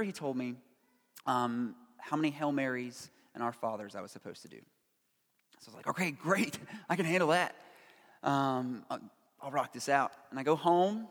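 A man's voice: mid-range voice, fairly bright tone. A man from Pittsburgh preaching a sermon, telling a personal story earnestly and emotionally, with many fillers. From Pittsburgh, USA. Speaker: pastor. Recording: long reverb of a large hall.

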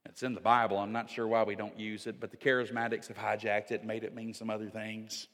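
A man's voice: on the low side, level tone, fast talker, hardly any pauses. Middle-aged man preaching in a reverberant sanctuary. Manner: swings from loud preaching to hushed, near-whispered storytelling. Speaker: pastor. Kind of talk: sermon.

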